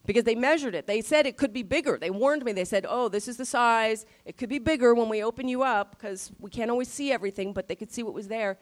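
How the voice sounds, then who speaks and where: A woman's voice: a little high, fast, hardly any pauses. Conversational woman pastor preaching. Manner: conversational, emphatic on key phrases. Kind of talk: sermon.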